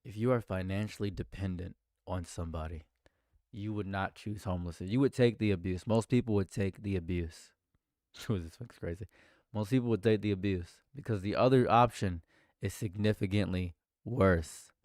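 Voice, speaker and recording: A man's voice: deep voice, normal speed, a little mellow, dry recording, clean studio sound. A man streaming live react commentary, talking in a heated, rambling way and repeating himself.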